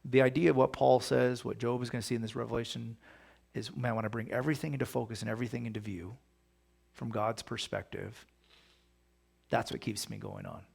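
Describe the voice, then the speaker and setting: A man's voice: mid-range voice, fairly even intonation, fairly quick, gravelly, darkish tone, breathy edge. A man, a pastor, teaching a Bible study in a casual, conversational way, often asking his listeners rhetorical questions.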